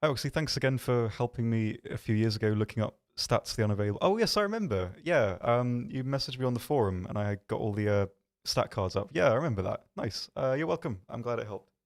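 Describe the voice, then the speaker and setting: A man hosting a game livestream from an office, answering viewer questions in a rambling, self-deprecating way with many pauses and restarts. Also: medium pitch. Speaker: stream host. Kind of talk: casual livestream chat reading viewer questions.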